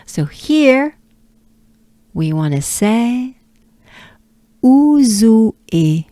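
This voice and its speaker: A French woman with a French accent patiently teaches pronunciation, repeating sounds, coaching breathing, and sometimes whispering. Her medium-pitched voice is animated, slow, and a little mellow, with no room sound.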